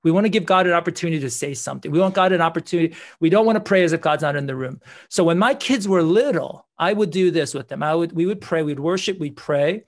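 An earnest man, a guest in an interview, tells a personal story. He often breaks off and starts his sentences again. His voice sits a little high. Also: a little fast, few pauses. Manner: earnest, with many restarts.

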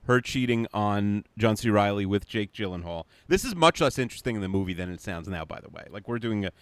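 A young man co-hosting a podcast, recapping a movie plot in a hesitant, halting way. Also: lowish voice, lively intonation, no room sound. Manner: hesitant, many fillers and restarts, dry. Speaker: podcast co-host.

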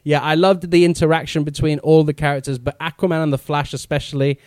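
A man co-hosting a casual film review chat, enthusiastic and quick to laugh. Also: on the high side, little pitch movement, a little mellow, no room sound. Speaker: podcast co-host.

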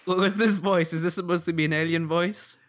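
A man's voice: high-pitched, steady tone, fairly quick, fairly bright tone. A man co-hosting a podcast in casual banter, easygoing, laughing often and trailing off mid-sentence. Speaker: podcast co-host.

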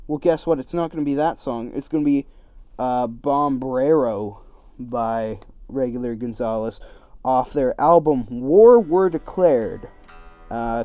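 A man's voice: medium pitch, clean tone, no room sound. Rambling man hosting a lo-fi podcast. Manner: rambling, distracted, self-correcting. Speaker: podcast host. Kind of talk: casual solo podcast chat.

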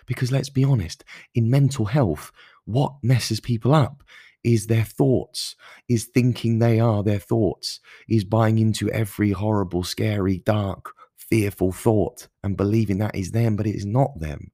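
A man's voice: on the low side, fairly even intonation, unhurried, mellow, husky, no room sound, clean studio sound. A man hosting his own podcast, talking earnestly and passionately in a solo monologue, with emphatic stresses and frequent restarts. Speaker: podcast host.

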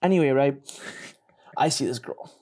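Animated self-mocking young man. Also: normal speed. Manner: animated, self-mocking, laughs often and jumps higher in pitch. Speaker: podcast co-host. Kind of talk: casual storytelling chat.

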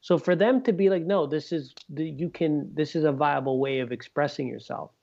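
A man's voice: a little high, normal speed, vocal fry, darkish tone, muffled recording. A man co-hosting a casual music podcast, thinking aloud and checking that others follow him. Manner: thinks aloud, asks for agreement. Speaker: podcast co-host. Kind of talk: casual chat.

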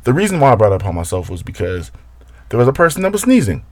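A man rants casually to camera, profane and exasperated, his voice leaping high and dropping low as he talks. He has a mid-range voice, and the recording is dry and close with no room sound. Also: huge pitch swings, rapid-fire, darkish tone, no echo. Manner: profane, exasperated storytelling with big swings in pitch.

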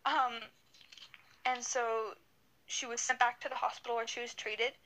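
Bright-voiced young woman, rambling storyteller. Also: a little high, flat delivery, measured pace, poor audio. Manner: rambling, many fillers and restarts. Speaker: podcast co-host. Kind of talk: casual storytelling chat. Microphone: video call.

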